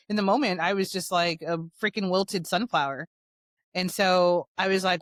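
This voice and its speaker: A woman hosting her own show, telling a personal story in a fast, animated, blunt way. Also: medium pitch, dry recording. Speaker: show host.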